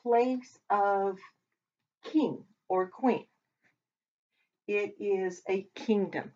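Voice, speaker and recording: A woman teaching a language lesson who talks while she writes, pausing and correcting herself as she goes. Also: medium pitch, a little mellow. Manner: talks while writing, with pauses and self-corrections. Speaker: Hebrew teacher. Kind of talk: slow, patient lesson at a whiteboard. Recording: dull lo-fi recording.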